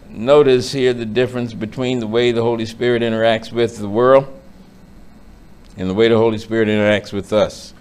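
A man preaching a sermon, reading scripture aloud and then expounding with building emphasis, and dropping to a quieter tone for his stories. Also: mid-range voice, level tone, brisk, smooth. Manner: drops to a quieter storytelling tone for anecdotes. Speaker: pastor.

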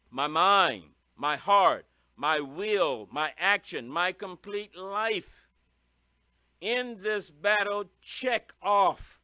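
A man preaching a sermon in an emphatic, repetitive style, punching single words with sudden loud stresses. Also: sits high, dry recording.

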